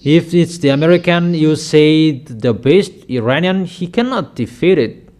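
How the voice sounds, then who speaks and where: Male preacher, higher-pitched voice, delivers slow, weighty prophetic pronouncements. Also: animated, a little mellow. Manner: slow, emphatic prophetic declarations. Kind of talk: sermon.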